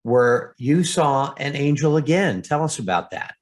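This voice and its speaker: A man's voice: on the high side, lively intonation, a little slow. A man hosting an interview, summing up his guest's story and asking the next question. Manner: prompting, summarizing the guest's story. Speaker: host.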